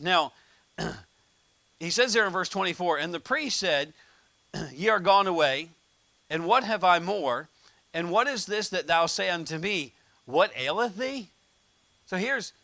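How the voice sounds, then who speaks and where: American guy preaching, kinda high voice, dry close mic, chatty, jokes around. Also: sharp tone, no room sound. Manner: conversational, jokey preaching with told anecdotes. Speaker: pastor. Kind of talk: sermon.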